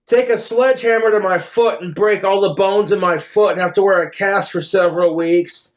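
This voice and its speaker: A man's voice: high voice, steady tone, normal speed. A man doing a rambling, crude livestream monologue, telling jokes in a put-on mock Cockney accent. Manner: crude, profane joking.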